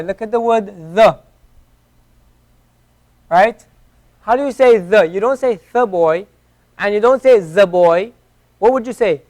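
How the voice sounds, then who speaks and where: Patient, high-voiced man teaching pronunciation. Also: animated. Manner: patient, repeats sounds slowly for learners. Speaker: Arabic teacher. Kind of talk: classroom lesson. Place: classroom.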